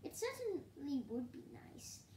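Storybook owl teacher, woman reading, drowsy soft hoots, slow, roomy echo. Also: high-pitched, sing-song, a little hiss or hum. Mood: mild. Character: sleepy old male owl schoolteacher, gentle.

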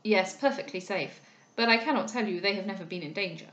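Formal courteous gentleman, read by a woman. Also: mid-range voice, lightly acted. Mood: earnest. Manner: formal, polite, measured. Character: courteous gentleman in a period novel. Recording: roomy echo.

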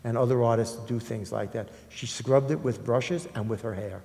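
Older New York art dealer, gravelly and dark-voiced, rambling anecdotes, reverberant hall. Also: male voice, mid-range voice. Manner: anecdotal, halting with many ums. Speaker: art dealer in public talk. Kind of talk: conversational storytelling talk. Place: lecture hall.

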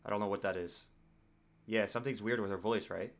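A man's voice: on the low side, fairly even intonation, fairly quick, gravelly. An American man hosting a reaction video, commenting casually and rambling with lots of fillers and self-corrections. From United States.

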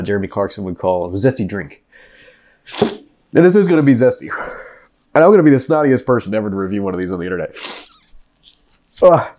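A man talks to his desk mic in a loose, joking way, laughing through his own asides as he reviews a drink. His voice sits at an ordinary pitch, and he is still worn down from eating a painfully hot chip. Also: a little mellow. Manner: joking, rambling, laughs often. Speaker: vlogger reviewing food and drinks. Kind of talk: casual chat to camera.

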